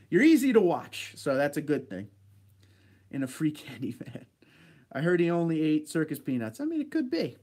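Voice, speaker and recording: A man casually chatting with his viewers and answering their comments during a livestream, laid-back and quick to laugh. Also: on the high side, a little mellow. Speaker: livestream host reading chat. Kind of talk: casual chat.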